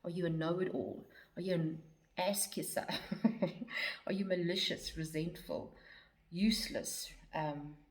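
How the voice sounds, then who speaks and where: A woman's voice: on the low side, steady tone, a little slow, long pauses. A woman talking casually about shadow work, reading a long list of words aloud with many ums and some words half-whispered. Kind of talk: casual talk to camera about personal growth.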